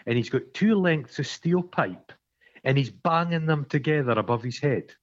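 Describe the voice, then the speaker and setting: A Scottish man in casual podcast chat, his slightly high voice leaping all over the place as he tells a sweary story. The sound is dull and lo-fi. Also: normal speed. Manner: sweary, animated storytelling, acts out quarrels. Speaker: podcast co-host.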